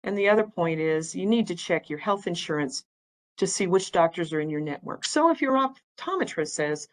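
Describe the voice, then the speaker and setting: A woman's voice: on the low side, fairly quick, low-quality recording. A woman, giving a plain-spoken, chatty educational talk about eye care as an ophthalmic imager. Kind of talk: informal educational presentation with slides.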